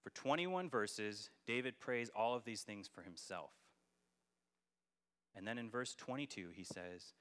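A man's voice: on the low side, lively intonation, a little slow, fairly bright tone. A man preaching a sermon as a church elder, earnest and building to emphatic peaks. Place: church sanctuary.

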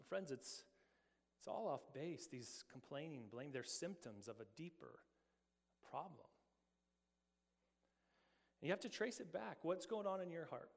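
A man's voice: a little high, expressive, measured pace, vocal fry, pauses often, big-room sound. A middle-aged man preaching a sermon as pastor, earnest, asking many rhetorical questions and often repeating words.

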